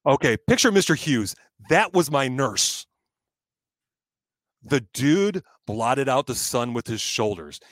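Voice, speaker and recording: Animated storytelling man, lively voice. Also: medium pitch, slow, dry recording. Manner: animated, acts out quoted voices, swears. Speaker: guest telling a story. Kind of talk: comic storytelling in casual chat.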